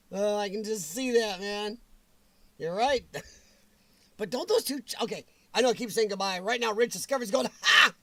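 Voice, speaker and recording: Speaking at a normal pace with frequent pauses, this man hosts a casual livestream in a high voice. He greets viewers by name and laughs a lot, though his voice comes across strained and weak.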